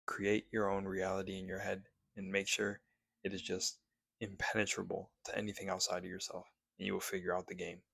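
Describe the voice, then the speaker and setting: Gravelly low-voiced man giving pep talk. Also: completely flat delivery, fairly quick, fairly bright tone, no room sound, clean studio sound. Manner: laid-back, swears freely, preachy encouragement. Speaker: spiritual vlogger. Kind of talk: casual motivational monologue.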